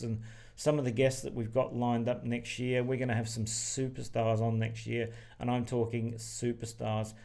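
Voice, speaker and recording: A man's voice: mid-range voice, dark tone. An Australian man hosting a business podcast, talking in a rambling casual way with plenty of fillers and restarts. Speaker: podcast host. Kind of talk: casual chat.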